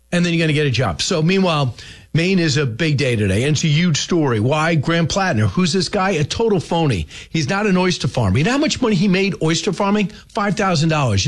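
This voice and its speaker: A man's voice: fairly high pitch, expressive, a little fast. A man hosting a talk show, giving combative, opinionated political commentary with sarcastic asides. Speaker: radio host.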